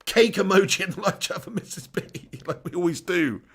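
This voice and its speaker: A high-pitched man hosts a live stream, his voice gravelly with creak. He talks in an excitable, laughing way, full of swearing banter as he reads out viewers' messages. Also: fairly quick.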